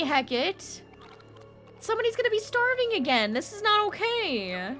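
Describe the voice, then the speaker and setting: A woman streaming a video game, chatting excitedly and reacting aloud to her viewers. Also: high voice, moderate pace, faint music behind. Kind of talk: casual gameplay commentary.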